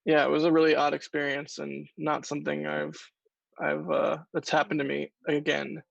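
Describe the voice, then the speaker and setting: Gravelly man on a dull, dry remote line. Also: on the high side, monotone, normal speed, fairly bright tone, no echo. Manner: musing, storytelling, trailing off. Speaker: livestream co-host. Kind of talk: casual livestream commentary.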